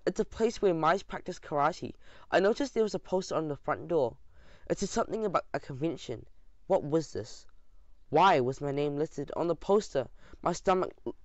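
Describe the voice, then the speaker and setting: A man narrating a children's audiobook in an expressive, lively storytelling manner, with the odd small slip. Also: fairly high pitch, no echo. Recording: dull dry lo-fi sound.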